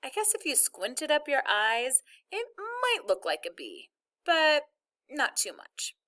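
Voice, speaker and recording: A woman reads a novel aloud in the first person, with a wry, lively storytelling manner. Her voice is bright and clear. It sits a little higher than most women's. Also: takes it slowly. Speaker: audiobook reader.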